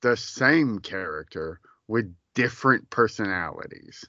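Slow-talking bright-voiced man on a podcast. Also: lowish voice, animated, dry recording. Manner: slow, emphatic, swears. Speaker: podcast co-host. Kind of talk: casual pop-culture chat. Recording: slightly dull lo-fi sound.

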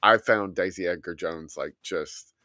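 Male co-host, casual and blunt, bright tone, close dry mic. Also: low-pitched, measured pace, no echo. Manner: blunt, offhand opinions. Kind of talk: casual chat.

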